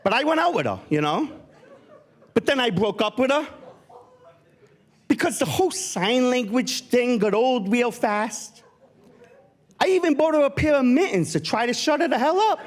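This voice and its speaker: High animated stand-up comic man. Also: normal speed, pauses often. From Rhode Island. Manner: deadpan punchlines, voice swinging high and low. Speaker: stand-up comedian. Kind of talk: stand-up routine. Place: theatre stage.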